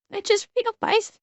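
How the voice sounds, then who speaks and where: A woman's voice: extremely high pitch, no room sound. A woman streamer chatting casually and exclaiming emotionally to her viewers on a close desk mic. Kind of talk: casual live-stream chat.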